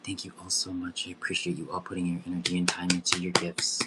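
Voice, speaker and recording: A man's voice: sits low, monotone, quick pace, very noisy. A young man hosting a live-streamed psychic development circle, effusive and emotional, giggling as he thanks everyone. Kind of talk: live-stream group session.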